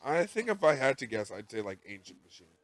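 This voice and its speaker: A man co-hosting a casual podcast, recapping an anime episode with rambling, animated asides and quoted lines. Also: medium pitch, a little fast, dry recording. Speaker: podcast co-host.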